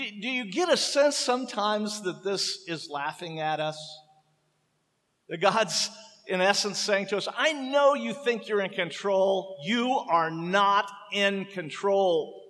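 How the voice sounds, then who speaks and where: A man preaching a sermon with impassioned, dramatic emphasis, slowing down to stress key words. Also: sits high, lively intonation, a bit bright, echoey room, long reverb tail. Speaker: pastor.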